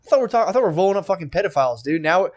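A man's voice: sits high, animated, racing. A young man co-hosting a podcast in casual, profane banter, riffing and mimicking other people's voices. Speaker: podcast co-host.

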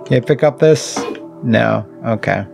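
A man's voice: medium pitch, a little slow, vocal fry, music in the background. A man casually commenting while he plays a video game, wry and jokey, swearing and talking to the enemies. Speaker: gaming channel host. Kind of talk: casual let's-play commentary.

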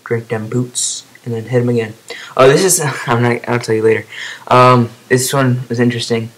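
Young male gamer, casual commentary, mid-pitched, rambling with excited yelps. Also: brisk, rough recording. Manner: rambling, excitable outbursts, then trailing off quietly. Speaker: gameplay commentator.

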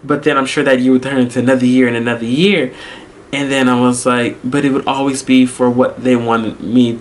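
Young man, casual vlog storytelling, animated, mid-pitched voice. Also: brisk, a little hiss or hum. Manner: animated, lots of fillers, acts out his own reactions. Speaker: vlogger, English teacher abroad.

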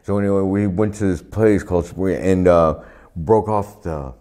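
A man with a fairly low voice tells wild stories, swearing constantly. He laughs his way through them. It sounds like a seated interview on a clip-on mic. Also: normal speed. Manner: profane, laughing, animated anecdotes. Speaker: retired pro wrestler, interview guest. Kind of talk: storytelling shoot interview.

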